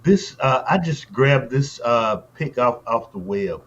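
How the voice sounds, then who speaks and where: A man in casual chat on a stream, hesitant and halting with many fillers. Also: medium pitch, lively intonation, breathy edge, dull audio.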